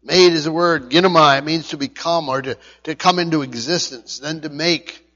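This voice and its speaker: A man preaching a verse-by-verse Bible teaching, stumbling and repeating words, his voice rising loud and then dropping quiet. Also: a little high, long reverb tail, muffled recording. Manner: halting, repeats words often, swings between loud and quiet. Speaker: pastor.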